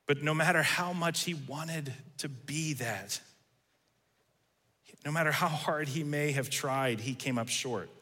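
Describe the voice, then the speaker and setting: Bright-voiced male preacher in a reverberant hall. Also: a little high, measured pace. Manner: conversational, acts out quoted lines. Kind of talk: sermon.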